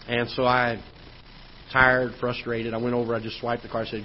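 A man, a pastor, preaching a sermon in a church auditorium, telling a personal story in a conversational way, growing loud at the frustrating parts. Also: mid-range voice, little pitch movement, moderate pace. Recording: dull church livestream audio with faint noise.

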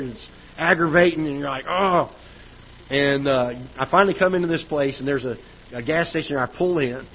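A male pastor delivers a sermon as a personal story, talking in a plain, conversational way that grows loud at the frustrating moments. His voice sits in an ordinary middle pitch. The church livestream audio is a little dull, with a faint hiss underneath. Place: church auditorium.

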